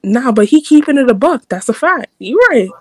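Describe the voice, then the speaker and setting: This is a woman with a New York accent, talking casually in a brash, outspoken and profane way. Her voice sits somewhat high and swings widely up and down. It is recorded close and dry, with no room sound. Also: lively intonation, fairly quick, no echo. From New York City. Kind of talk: casual chat.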